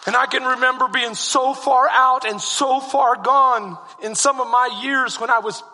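A male pastor preaching a sermon and telling a personal story, moving from hushed retelling to fervent shouting. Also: very high-pitched, steady tone, measured pace, a faint crowd. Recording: long hall reverb.

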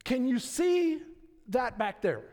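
A man's voice: extremely high pitch, takes it slowly. A middle-aged man preaching a sermon as pastor, telling stories and calling out to his congregation. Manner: animated storytelling, calling out to the congregation. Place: church sanctuary with congregation. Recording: long reverb of a large hall.

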